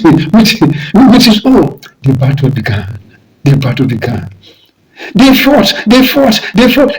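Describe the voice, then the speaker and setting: A man's voice: sits high, rough recording. A man telling an old story aloud, emphatic and repeating each phrase for effect. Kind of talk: oral storytelling.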